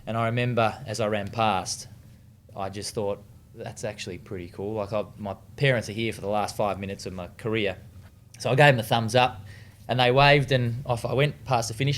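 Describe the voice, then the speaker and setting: A man's voice: lowish voice, a little fast. A man with an Australian accent telling stories in a casual interview, laid-back, swearing freely, with many fillers and restarts. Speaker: interview guest, retired distance runner.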